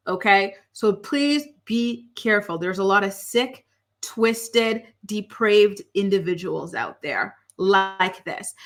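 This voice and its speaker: A woman's voice: medium pitch, fairly bright tone. Woman doing a rambly show recap, blunt, scornful, lots of likes and ums. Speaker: reality TV recap host. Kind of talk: casual commentary.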